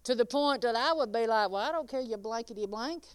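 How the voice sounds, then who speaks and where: A woman preaches a sermon in a high, smooth, clear voice. She talks in a folksy way, laughing often and calling on listeners by name. The sound is dry and close. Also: a little fast, no echo.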